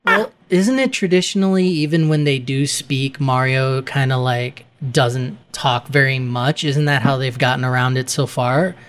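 A man's voice: medium pitch, normal speed, few pauses, fairly bright tone, smooth. A man co-hosting a gaming podcast, chatting casually and laughing often. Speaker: podcast co-host.

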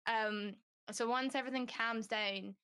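A woman's voice: fairly high pitch, steady tone, unhurried, pushed and bright, smooth. A young woman guest on a podcast, speaking candidly and at length in a rambling, casual way, full of "like" fillers. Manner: acts out quoted dialogue.

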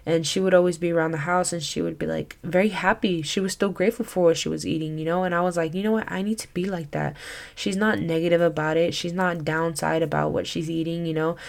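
Earnest, chatty woman with a lowish voice. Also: level tone, quick pace, vocal fry, hardly any pauses. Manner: earnest and chatty, full of "like" and "you know". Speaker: podcast host teaching on faith. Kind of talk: casual Christian teaching talk.

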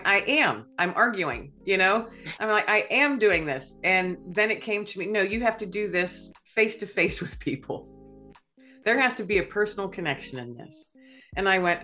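A woman guest on a podcast, telling a personal story in a lively way, acting out dialogue and laughing often. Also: mid-range voice, moderate pace, faint music behind.

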